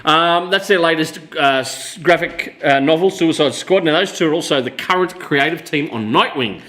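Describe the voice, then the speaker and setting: A man's voice: on the high side, moderate pace, pushed and bright. A man with an Australian accent hosting a casual chat show, rambling and laughing as he tells stories. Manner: rambling, laughing, chatty storyteller. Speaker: show host, comic shop owner. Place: comic book shop. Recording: echoey room.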